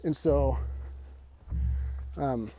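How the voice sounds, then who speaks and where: A man teaching an esoteric lesson while walking outdoors, slightly out of breath, halting and restarting his words. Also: mid-range voice, dark tone, faint music behind. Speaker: esoteric mystery school teacher. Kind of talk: rambling spoken lesson.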